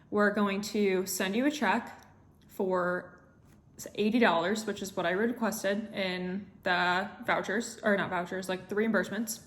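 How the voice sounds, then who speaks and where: A young woman talks straight to her camera, retelling a rough travel day. She is chatty and animated, sprinkling in fillers as she goes, with a voice pitched right in the middle for a woman. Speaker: travel vlogger. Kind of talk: casual storytelling vlog.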